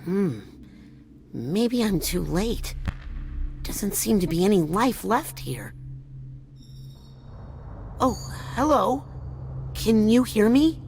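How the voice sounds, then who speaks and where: A woman's voice: mid-range voice, lively intonation, takes it slowly, vocal fry, long pauses, a little mellow, slight background noise. A woman voicing a curious, earnest young boy psychic who asks questions and makes quips. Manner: inquisitive, quippy. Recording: game music playing behind.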